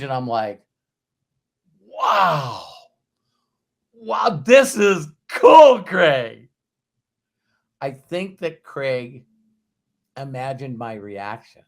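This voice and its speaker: A middle-aged man hosts a motivational show in a loose, storytelling way. He acts out what other people said and drops the odd swear word, his pitch ranging widely as he goes. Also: a bit bright. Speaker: host. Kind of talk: motivational talk.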